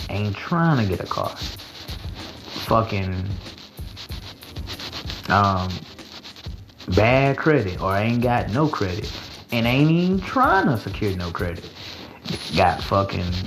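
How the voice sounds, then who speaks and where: A young man in his twenties riffs through a late-night livestream in loose, profane slang, stumbling over restarts as he goes. His voice sits at an ordinary middle pitch, with soft music playing faintly behind him. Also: rough recording. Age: 20s. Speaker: livestream host. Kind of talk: casual late-night monologue.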